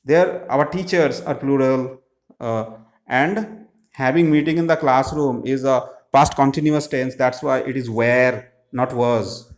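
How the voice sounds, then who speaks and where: A man, explaining textbook grammar answers slowly, with many pauses and fillers. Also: medium pitch. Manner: slow, halting, many "uh" fillers. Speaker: English teacher.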